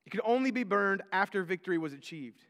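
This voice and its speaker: A man's voice: sits high, expressive, fast, fairly bright tone. A male pastor preaching a sermon in a conversational way, often repeating words and acting out the figures he quotes. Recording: long hall reverb.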